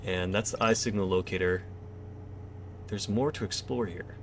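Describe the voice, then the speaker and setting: A fairly low-voiced man streaming a game, talking through what he finds as he goes. He chats easily with viewers and thanks them by name. Faint ambient noise sits behind him. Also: fairly even intonation, moderate pace. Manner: thinks aloud and chats with viewers. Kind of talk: casual gameplay commentary.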